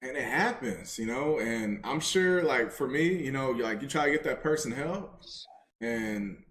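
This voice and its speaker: Emphatic man in an echoey room. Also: unhurried. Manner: emphatic, repeats phrases, animated pitch jumps. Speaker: podcast co-host. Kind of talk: casual podcast chat. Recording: roomy echo.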